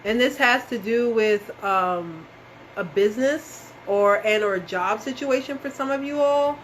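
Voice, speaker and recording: A woman's voice: fairly high pitch, measured pace, a little hiss or hum, low-quality recording. A woman doing a casual live-stream tarot reading, talking straight to her viewers, calling them y'all and swearing now and then. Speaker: tarot reader.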